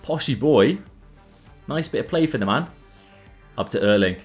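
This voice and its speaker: A young man commentating his own football video game matches in a casual, excitable way, his voice jumping up at big chances. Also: medium pitch, normal speed, faint music behind. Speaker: gaming YouTuber. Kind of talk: gameplay commentary.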